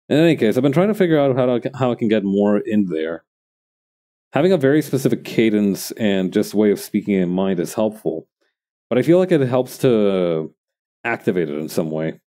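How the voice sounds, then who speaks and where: A man's voice: on the low side, mellow. A man streaming while he crafts, chatting casually and thinking aloud to his viewers in a rambling way.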